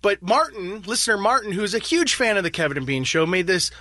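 A man's voice: high voice, lively intonation, fairly quick, sharp tone, dry recording. A man on a radio show staff, chatting eagerly in a studio with some hesitations. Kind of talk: casual radio banter.

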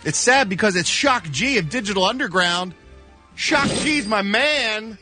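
A wisecracking male radio reporter with a bright, slightly high voice that jumps around in pitch. He delivers celebrity gossip in a sarcastic, playful way into a studio microphone. Soft music plays underneath. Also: lively intonation, unhurried.

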